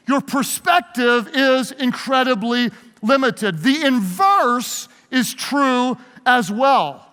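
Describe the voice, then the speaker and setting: Animated preacher in a big hall. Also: male voice, very high-pitched, takes it slowly, hardly any pauses, clear, resonant tone. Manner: animated, call-and-response with audience. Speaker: pastor. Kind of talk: sermon-style leadership talk. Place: large hall with live audience. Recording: long hall reverb.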